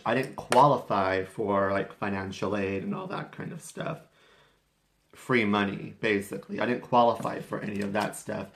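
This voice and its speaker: A young man with a fairly low voice chats to camera in a loose, rambling vlog. He circles back on himself and slips into quick asides. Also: a bit bright. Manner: chatty and rambling, with restarts and quoted asides. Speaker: vlogger. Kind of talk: casual talking-head vlog.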